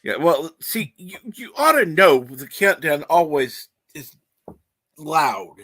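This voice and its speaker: A man's voice: a little high, big pitch swings, slow pace, fairly bright tone, no echo. A man hosting a casual livestream, reading the chat aloud and laughing often. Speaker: livestream host.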